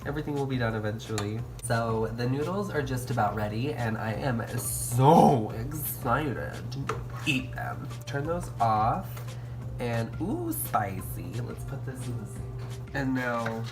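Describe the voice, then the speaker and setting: A man's voice: medium pitch, animated, a little slow, over music. A man vlogging while he cooks in his home kitchen, campy and playful, talking to viewers as sis and honey. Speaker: YouTuber cooking at home. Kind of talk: casual cooking vlog.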